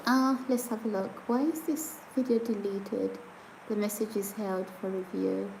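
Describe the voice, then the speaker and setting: A woman's voice: mid-range voice, steady tone, a little slow, vocal fry, noisy background. A woman chatting casually on a live stream, reading viewer comments aloud and often breaking into giggles. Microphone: phone or camera set on a surface.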